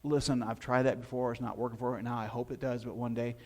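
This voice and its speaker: A man's voice: mid-range voice, flat delivery, fast, pitched below the performer's own voice, natural voice. A man voicing a meek, bewildered healed man who answers in a sheepish, mumbling way.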